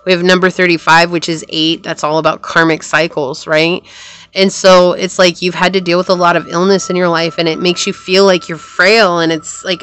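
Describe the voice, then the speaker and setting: A woman's voice: fairly low pitch, fairly bright tone, a little hiss or hum. A woman giving a casual tarot reading to camera, rambling and repeating phrases, with a sore throat. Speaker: tarot reader.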